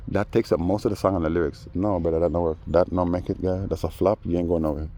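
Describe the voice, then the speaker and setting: A man telling a story in a casual rant, animated and mimicking the people he quotes. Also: low voice, quick pace, few pauses, a little hiss or hum. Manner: animated, mimics others in quoted voices, laughs often. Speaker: vlogger.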